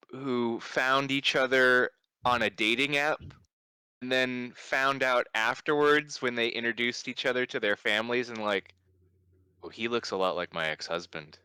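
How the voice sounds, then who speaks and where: Bright, crisp man in dry casual chat. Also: mid-range voice, no echo. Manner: animated, laughing, with many fillers. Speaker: podcast co-host.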